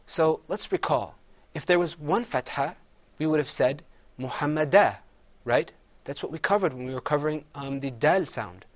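A man teaching Quran recitation, patiently having his students repeat words after him. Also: a little high. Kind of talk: classroom recitation lesson.

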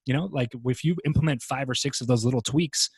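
A man talking as a podcast guest in casual interview chat, relaxed and rambling, with many fillers and restarts. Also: medium pitch, fast talker, husky, no room sound.

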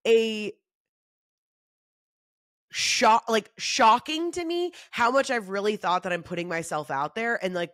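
Animated sweary woman talking, dry sound. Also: no echo. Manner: animated, swears freely, lots of "like"; acts out quoted voices in shifting pitch. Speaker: comedian and podcast host. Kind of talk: casual solo monologue.

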